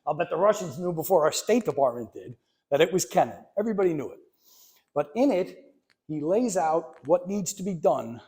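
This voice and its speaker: A man's voice: mid-range voice, darkish tone. Emphatic man giving a history lecture. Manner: conversational, emphatic, wry asides. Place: library meeting room.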